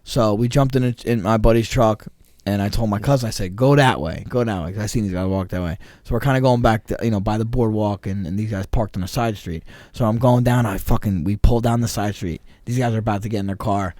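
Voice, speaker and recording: A man's voice: on the low side, fast talker, darkish tone, no echo, studio quality. A man, co-hosting a podcast and telling a story in casual, profane chat, acting out the quotes. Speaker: podcast co-host.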